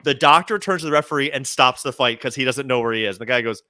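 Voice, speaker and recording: A man's voice: medium pitch, fast, no room sound, studio quality. A man co-hosting a comedy podcast, telling news stories in casual chat and acting out the quotes. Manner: animated storyteller, acts out quotes. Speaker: podcast co-host.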